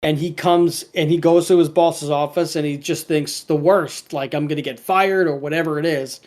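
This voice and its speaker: A man's voice: a little high, level tone, moderate pace, darkish tone. Rambling man retelling a cartoon plot. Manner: rambling retelling with many restarts and fillers; quotes characters in a lightly acted voice. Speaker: podcast co-host. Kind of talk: casual podcast chat.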